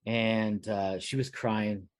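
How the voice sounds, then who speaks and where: A man's voice: lowish voice, fairly even intonation, takes it slowly, dry recording. A man co-hosting a podcast, telling a long work story in rambling casual chat with many fillers and restarts. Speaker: podcast co-host.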